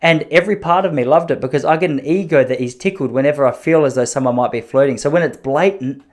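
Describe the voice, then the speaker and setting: A rapid-fire man hosting a podcast, telling stories in an animated, self-mocking way. His voice sits a little high, and he keeps restarting his sentences as he talks. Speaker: podcast host. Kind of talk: storytelling podcast chat.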